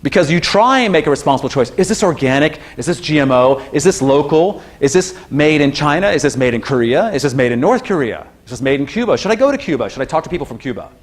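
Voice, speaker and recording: A lecturer with a slightly higher-pitched man's voice teaches a class in a loose, chatty way. He jumps into sudden squeaky outbursts when he imitates other people, then drops back to his easy classroom tone. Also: fast talker, hardly any pauses. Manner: chatty, animated, acts out quoted voices with sudden high-pitched exclamations. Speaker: university lecturer.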